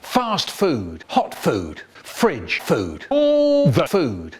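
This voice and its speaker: A man telling silly comic stories in an animated spoken-word style, with sudden jumps in pitch. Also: drawn-out words, slightly rough, faint music behind.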